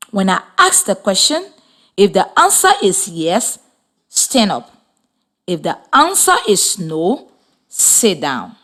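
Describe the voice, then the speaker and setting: A woman teaching a children's reading lesson on the radio, giving slow, encouraging, clear instructions. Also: medium pitch, fairly bright tone. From Liberia.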